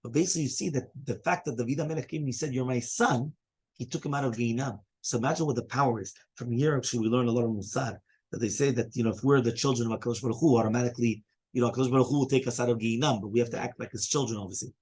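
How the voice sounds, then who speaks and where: A man teaching a casual Talmud class, quickly explaining each passage and reading out Hebrew and Aramaic quotes. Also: mid-range voice, a little mellow, slightly rough.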